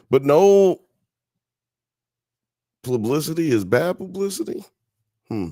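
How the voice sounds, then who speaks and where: Low, slow-talking, profane male stream host. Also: expressive, darkish tone, no echo, studio quality. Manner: profane, loose and joking, reading chat comments aloud. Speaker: host of a live-streamed talk show. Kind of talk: casual live-stream chat.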